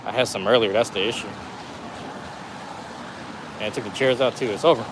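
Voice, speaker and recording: A man's voice: fairly low pitch, brisk, background noise. A man live-streaming as he walks a city street in the rain, talking in a laid-back, rambling way full of slang, his voice a little worn. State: losing his voice. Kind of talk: casual walking live stream.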